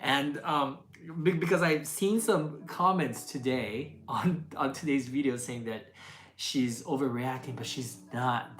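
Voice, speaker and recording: In an echoey room with faint background music, a woman known for food videos handles a casual Q&A. Her voice is low-pitched with lively intonation at a measured pace, and she laughs, restarts and uses many fillers.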